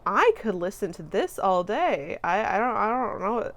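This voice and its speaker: A woman hosting a reaction video, gushing and excitable, swearing freely and trailing off into fillers. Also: medium pitch, moderate pace, a little hiss or hum. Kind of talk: casual reaction commentary.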